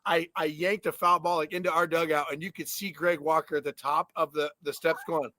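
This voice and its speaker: A former ballplayer talks baseball in a bright, forceful voice, a bit higher than most men, and tells animated stories. The sound is close and dry, with no room around it. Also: male voice, fairly quick, dry recording. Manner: animated storytelling with swearing and laughs. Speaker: podcast co-host, former ballplayer. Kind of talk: casual sports chat.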